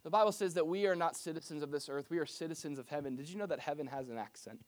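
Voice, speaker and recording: A man's voice: a little high, very fast. A man preaching a sermon to his church as pastor, in a conversational style that mixes personal stories with scripture.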